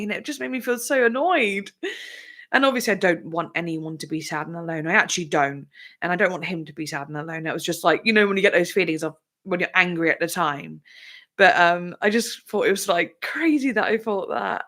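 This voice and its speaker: A young woman hosts a live chat with viewers, her voice on the low side, a bit bright, and a little fast. She talks candidly and emotionally, rambling with frequent fillers and breaking into laughs and tearful bursts, close to tears at times.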